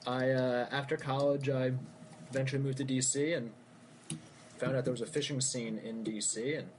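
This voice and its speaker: A man's voice: medium pitch, little pitch movement, moderate pace, darkish tone, slight background noise. A young man from Baltimore, a guest in a casual podcast interview, telling stories in an easygoing, rambling way with fillers. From Baltimore, USA.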